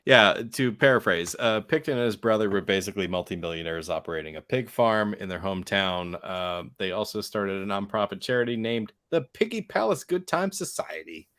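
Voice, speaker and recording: A man in a casual group chat recounting facts from his notes, pausing often with "uh". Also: lowish voice, expressive, fairly bright tone, no echo, studio quality.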